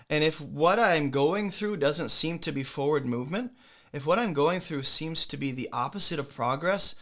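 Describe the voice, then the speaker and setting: A young man giving an informal, earnest sermon, talking conversationally with quick asides. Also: medium pitch, pushed and bright. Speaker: preacher.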